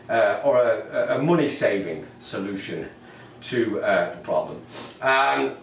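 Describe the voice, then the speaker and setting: A man's voice: fairly high pitch, far from the mic, a little hiss or hum. A man with an English accent performing a stand-up comedy routine, ranting with frequent ums and repeated words. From England. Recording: roomy echo, off-mic, faint ambience.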